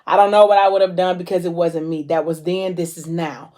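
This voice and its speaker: A blunt, streetwise young man who keeps his guard up, as a woman reads him out. He speaks low and plainly, with little fuss, while retelling his side of a scene. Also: fairly even intonation, a little fast, mellow, close to an everyday voice. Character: tough young male hustler, blunt and guarded.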